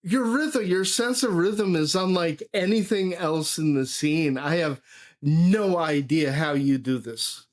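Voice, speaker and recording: A man's voice: fairly high pitch, slow. A man hosting a live music reaction, enthusiastic, swearing and humming drum beats. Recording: music playing behind.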